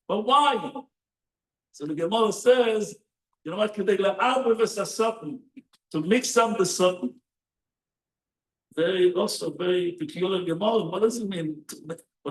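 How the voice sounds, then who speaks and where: A high-voiced male rabbi delivers a sermon, telling stories animatedly and firing rhetorical questions at his listeners. The mic sits well away from him in an echoing synagogue hall, so the room rings around every phrase. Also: normal speed, pauses often. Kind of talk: Torah sermon. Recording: roomy echo, distant mic.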